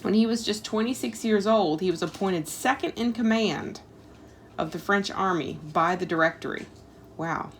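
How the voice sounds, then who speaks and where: Reading a history lesson aloud at home, this homeschool parent talks it over with her child, full of casual asides and frequent "like" and "um." She has a medium-pitched voice and a moderate pace, with slight background noise.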